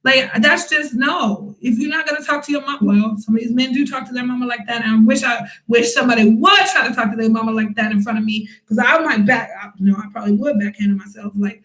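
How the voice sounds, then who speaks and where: A young woman vlogger tells a story casually in a high, bright voice, keeping a steady tone and a quick pace with hardly any pauses. She acts out quotes loudly and laughs often, and her voice bounces around an echoey room.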